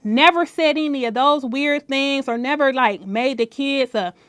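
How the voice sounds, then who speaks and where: High-voiced woman telling lively stories. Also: normal speed, no echo. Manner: lively, laughing storyteller who acts out quotes. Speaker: podcast guest, business owner. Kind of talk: casual interview chat.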